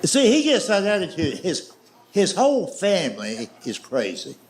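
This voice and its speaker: An older man with a Southern drawl tells comic stories on stage in a slow, folksy way, dropping dry asides. His pitch sits a little high and leaps around with lively swings. A faint live-audience hum sits under the voice. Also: crowd noise. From Southern United States. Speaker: stand-up comedian. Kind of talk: stand-up storytelling. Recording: live show with audience noise. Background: audience laughter.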